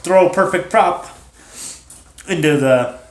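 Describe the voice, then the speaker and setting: Man putting on a fumbling clumsy hero, pitched up, echoey. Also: slow. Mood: hopeful. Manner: fumbling, hopeful. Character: bumbling clumsy male misfit hero. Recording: roomy echo.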